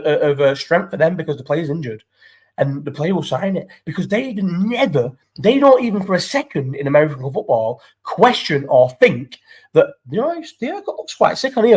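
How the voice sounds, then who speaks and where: A young man hosting a casual live chat into his phone, sweary and rambling as he banters with viewers' comments. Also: fairly high pitch. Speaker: live stream host.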